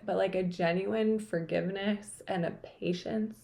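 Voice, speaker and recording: A woman host speaking softly and thoughtfully to camera, a little emotional, with many casual fillers. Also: mid-range voice, moderate pace, vocal fry, few pauses. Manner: soft, thoughtful, with frequent fillers. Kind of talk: reflective personal talk to camera.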